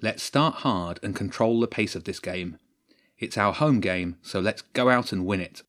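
A man voicing a fiery teenage girl who captains a school football team, shouting at the referee in a storybook reading. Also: fairly low pitch, normal speed, lightly acted. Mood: serious. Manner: shouting in outrage.

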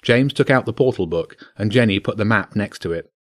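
A man reads a children's adventure tale aloud, steady and measured. His voice sits fairly low, and he never rushes. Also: no echo, clean studio sound. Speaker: narrator.

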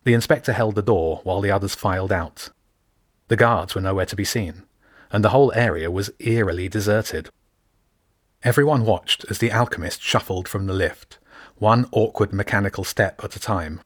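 A man reads a storybook aloud in a fairly low voice. He gives each character a slight shift of voice. The recording is dry and close, with no room sound. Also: normal speed, breathy edge, no echo. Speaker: audiobook narrator. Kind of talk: scripted narration.

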